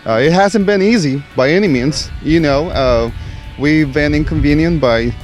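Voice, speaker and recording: A restaurant owner speaking haltingly in a casual outdoor interview. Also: male voice, a little high, faint music behind. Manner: halting, many fillers.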